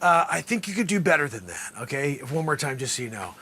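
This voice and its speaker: A man hosting an improvised comedy sketch as a courtroom lawyer, theatrical and bursting into loud exclamations. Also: fairly high pitch, very animated, a little fast, breathy edge. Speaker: host playing a courtroom lawyer.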